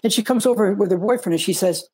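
Man, panel guest, dark breathy voice, enthusiastic, stop-start delivery. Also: sits high. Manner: eager, halting, repeats words often. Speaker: actor on a convention panel. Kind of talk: casual panel talk.

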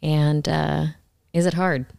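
A woman in her thirties co-hosting a casual podcast, her voice smooth and clear and a little low for a woman. She jokes and banters with easy laughter. The sound is close and dry. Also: little pitch movement, slow, darkish tone, no room sound. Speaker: podcast co-host. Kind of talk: casual chat.

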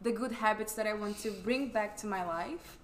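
Bright-voiced Brazilian woman in an echoey room. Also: mid-range voice, moderate pace. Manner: relaxed, easygoing. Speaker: podcast guest. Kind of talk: casual podcast chat. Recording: echoey room, faint noise.

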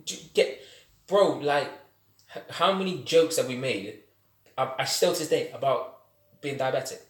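A man telling stories in a casual podcast chat, animated and quick to laugh. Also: mid-range voice. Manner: animated, laughs often, slangy storytelling. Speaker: podcast guest. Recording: echoey room.

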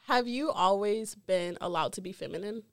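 A woman's voice: medium pitch, moderate pace, no room sound, clean studio sound. A woman hosting a casual podcast chat, asking reflective questions and affirming her guests. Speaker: podcast host.

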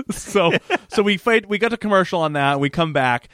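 A man's voice: sits high, lively intonation, normal speed, fairly bright tone, smooth, no room sound. Male podcast co-host, chatty and laughing, casual recap, dry close sound. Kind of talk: casual chat recapping a TV episode.

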